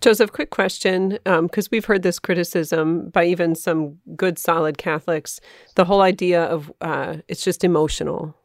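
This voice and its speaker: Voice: mid-range voice, fairly even intonation, moderate pace, no echo, studio quality. An interview host asking brief questions and offering short affirmations in casual talk.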